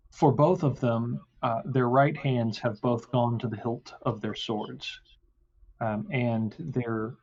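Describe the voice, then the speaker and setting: Man game master, mid voice, halting, muffled audio. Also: mid-range voice, darkish tone. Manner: halting, many fillers. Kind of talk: narrating a tabletop game.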